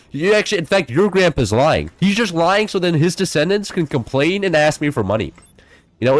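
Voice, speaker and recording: A man's voice: fairly high pitch, no room sound. A young man chatting casually while streaming a game, rambling and sarcastic, often stumbling and repeating words. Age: young adult. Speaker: gaming streamer.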